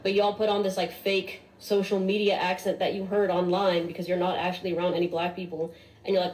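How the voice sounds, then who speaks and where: A woman's voice: on the low side, level tone, fairly quick, a little mellow. Blunt woman ranting in an echoey room. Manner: blunt, exasperated, swears freely. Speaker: social media video creator. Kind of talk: blunt social media rant.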